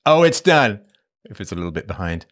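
A man's voice: on the low side, very animated, brisk. A man in his fifties hosting a casual livestream, talking loosely and playfully, joking with viewers and slipping into silly voices. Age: 50s. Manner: playful, jokey, slips into silly put-on voices. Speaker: livestream host.

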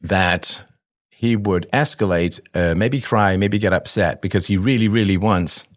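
A deep, somewhat slow male voice gives parenting advice to a caller on a live call-in show. He keeps it conversational, poses rhetorical questions, says "right?" a lot, and acts out parent-child dialogue.

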